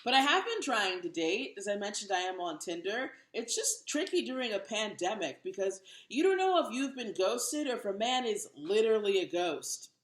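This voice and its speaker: Woman, 30s, stand-up comic, dry self-mockery, lively pitch, roomy sound. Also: normal speed, hardly any pauses. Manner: wry, self-mocking delivery. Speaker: stand-up comedian. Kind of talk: stand-up comedy set.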